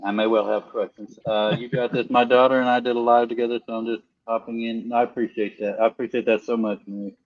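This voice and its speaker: A man's voice: medium pitch, flat delivery, fast, few pauses, lo-fi sound. A middle-aged man co-hosting a live stream, chatting in a goofy, joking, rambling way. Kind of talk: casual live-stream chat.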